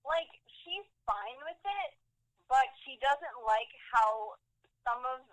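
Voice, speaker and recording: A teenage woman about to start college, chatting casually as a podcast guest, bubbly and quick to laugh, saying "like" and "literally" a lot. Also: high voice, lively intonation, poor audio. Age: late teens. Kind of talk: casual chat.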